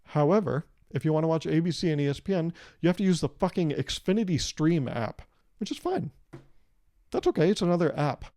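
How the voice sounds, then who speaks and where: A man's voice: a little high, big pitch swings, a little fast, warm tone, no echo, studio quality. A young man hosting his own podcast, rambling through a casual, profane and jokey monologue. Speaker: podcast host.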